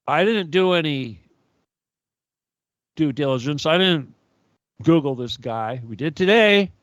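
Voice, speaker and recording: A man with a fairly high voice, heated and profane, rambling through a radio monologue and playing out both sides of his quarrels. The sound is dry and close, with no room around it. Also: no echo, poor audio. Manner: heated, profane, rambling with quoted back-and-forth. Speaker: radio show host. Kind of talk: ranting monologue.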